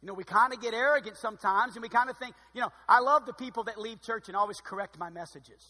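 A man preaching a sermon as pastor, expressive and dryly sarcastic, with loud emphatic bursts and quiet asides. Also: high-pitched, fast talker, long reverb tail.

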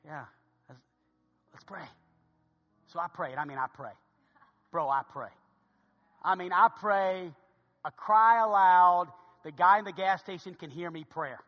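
A man's voice: high-pitched, measured pace, lo-fi sound. A man preaching a sermon, telling a humorous story with emphatic delivery. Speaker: pastor. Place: church sanctuary. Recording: long reverb of a large hall.

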